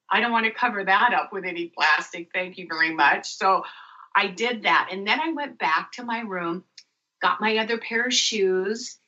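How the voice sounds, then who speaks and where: A woman guest on a radio talk show, telling a lively personal story and acting out the dialogue in it. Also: medium pitch. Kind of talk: storytelling interview. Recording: muffled lo-fi radio audio.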